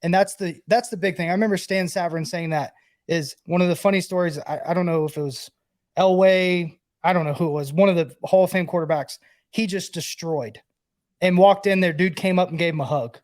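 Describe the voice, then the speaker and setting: A man's voice: sits high, fairly even intonation, brisk, a little mellow. A man co-hosting a sports podcast, a former player turned broadcaster who talks in a loose, rambling way full of "like". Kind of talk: casual sports podcast chat.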